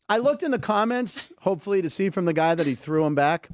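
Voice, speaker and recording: A man's voice: high-pitched, lively intonation, fast talker, hardly any pauses, no echo. A man hosting a sports comedy show, riffing casually and laughing often as he talks through clips. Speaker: host.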